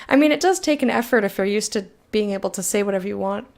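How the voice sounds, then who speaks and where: A woman's voice: mid-range voice, fast talker, gravelly, darkish tone. A woman streaming a game, reading its text aloud and chatting frankly with viewers, swearing freely. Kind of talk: casual let's-play chat, reading game text aloud.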